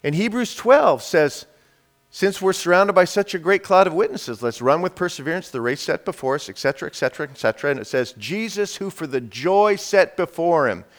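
A male pastor preaching a sermon to a congregation, rallying them loudly at times and dropping to hushed, intimate tones at others. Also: fairly high pitch, lively intonation, fairly quick. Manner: swings from loud rallying to hushed, intimate whispers.

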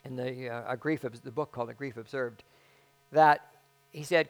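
A man preaching a conversational sermon as pastor, halting and self-deprecating, with frequent restarts. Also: mid-range voice, fairly even intonation.

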